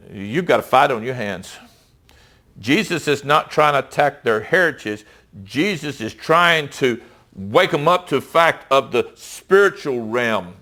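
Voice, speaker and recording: A man's voice: a little high, a bit bright. A middle-aged man preaching a sermon and reading Bible verses in a conversational, emphatic way, asking his listeners rhetorical questions.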